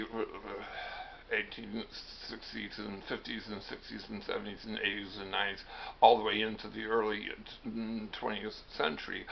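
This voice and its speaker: A man's voice: lowish voice, vocal fry, a little hiss or hum. A man hosting a rambling comedic monologue, full of wry self-deprecating asides. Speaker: host. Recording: dull lo-fi recording.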